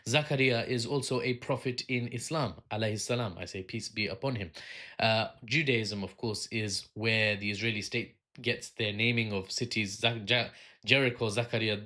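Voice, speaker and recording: A man's voice: medium pitch, bright, forceful tone. Sardonic man hosting solo commentary. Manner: sardonic, rambling, with asides and filler. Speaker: political commentary host.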